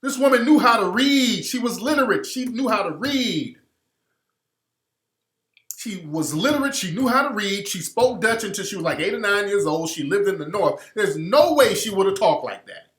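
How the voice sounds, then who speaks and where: Animated and a bit bright, the man's high voice moves at a normal pace. As a radio host, he's on an impassioned tear, blunt and emphatic, saying things again for effect, and the room adds a noticeable echo.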